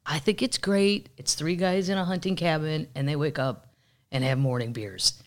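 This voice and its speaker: Chatty sarcastic vlogger rambling along, middle-pitched voice. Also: moderate pace. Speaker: vlogger host. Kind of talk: casual chat.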